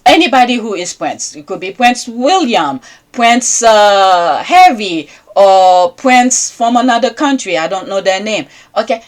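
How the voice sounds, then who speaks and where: A woman who speaks English as a second language hosts her own podcast in a loose, rambling commentary. She keeps pausing to ask her listeners "okay?" while her voice sits at an ordinary middle pitch. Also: expressive. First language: not English. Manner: rambling, checks in with repeated "okay?". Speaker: podcast host. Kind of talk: casual commentary monologue.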